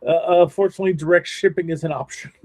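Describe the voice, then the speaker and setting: A man co-hosting a casual stream, halting and wry in his asides. His voice sits a little high for a man. It sounds close and dry, with no room around it. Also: steady tone, darkish tone, no room sound. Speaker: stream co-host. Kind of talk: casual chat.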